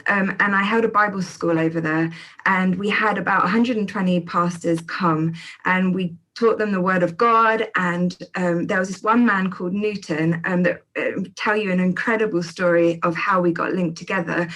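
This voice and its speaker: Animated Englishwoman telling a story. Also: fairly low pitch, normal speed, low-quality recording. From England. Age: 30s. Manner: animated, acts out the people in her story. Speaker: charity founder and guest. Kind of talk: storytelling testimony.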